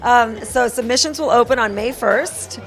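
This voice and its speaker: A woman's voice: fairly high pitch, moderate pace, fairly bright tone, faint music behind. A woman festival founder talking earnestly in a casual interview, rambling a little.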